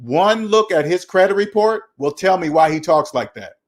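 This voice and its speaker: A man's voice: high voice, expressive, normal speed. Emphatic man lecturing on money. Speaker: finance channel host. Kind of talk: casual opinionated talk.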